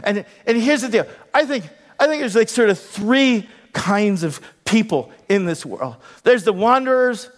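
Middle-aged male pastor, higher voice, animated comic storyteller. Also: a little slow, hardly any pauses. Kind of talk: storytelling sermon.

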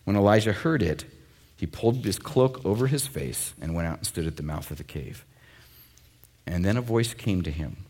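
A man's voice: deep voice, animated, moderate pace, a little mellow, slightly rough. A man preaching a sermon to a congregation in a conversational way, with asides and jokes. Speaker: pastor.

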